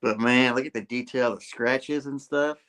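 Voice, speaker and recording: A man hosting a comic book review, retelling the story with animated, acted-out storytelling. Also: mid-range voice, moderate pace. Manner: animated storytelling, acts out scenes, laughs often. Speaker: host.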